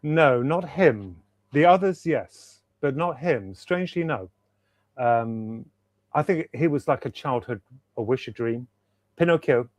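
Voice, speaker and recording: A man's voice: medium pitch, lively intonation, a little slow, no room sound. Enthusiastic man, rambling on a call. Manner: enthusiastic, rambling, repeats himself for emphasis. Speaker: guest author. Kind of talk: casual interview chat. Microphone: video call.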